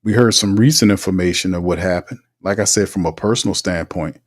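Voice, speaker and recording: A low-pitched man hosts a live sports stream in a loose, energetic way. He repeats words, restarts often and laughs easily. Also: brisk. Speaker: livestream show host. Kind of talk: casual live sports talk.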